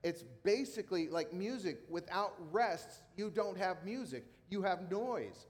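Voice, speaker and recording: A man's voice: sits high, lively intonation, unhurried. A middle-aged man who is a pastor, preaching a sermon in a casual, conversational way with emphatic repetition. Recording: long hall reverb.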